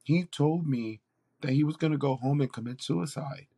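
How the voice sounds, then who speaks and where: A man's voice: a little high, moderate pace, mellow. A man, a campus pastor, telling a faith story in an interview with an earnest, preacherly delivery. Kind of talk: interview testimony.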